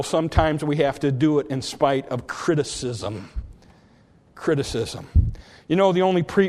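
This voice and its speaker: Guy preaching in a church, kinda high voice, folksy stories, gets loud then drops real soft, big hall echo. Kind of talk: sermon.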